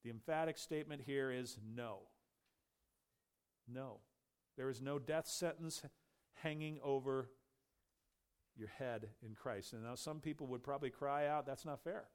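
A man preaching a sermon with emphatic stress, raising his voice for questions and dropping low on key words. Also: unhurried, long pauses, smooth.

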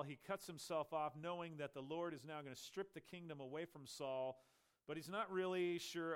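A man preaching a Bible sermon, retelling the story with animated storytelling and acting out the characters' lines. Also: fairly high pitch, normal speed, clean tone.

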